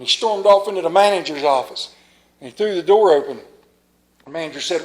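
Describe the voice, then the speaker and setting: A man's voice: high-pitched, fast talker, poor audio. A man preaching a sermon as a pastor, telling a folksy joke before reading scripture, with a Mid-Atlantic American accent. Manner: folksy storyteller, lively delivery of jokes. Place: church.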